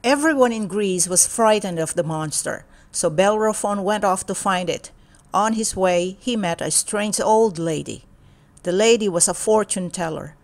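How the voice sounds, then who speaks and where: A woman reading a children's storybook aloud in a steady, clear storytelling manner. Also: mid-range voice, normal speed. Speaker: storybook reader.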